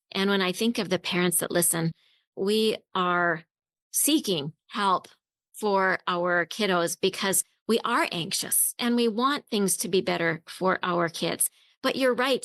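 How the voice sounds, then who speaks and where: A woman's voice: mid-range voice, fairly bright tone, no echo. A woman hosting a parenting podcast interview, affirming her guest and summing up her points for listening parents. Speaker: podcast host.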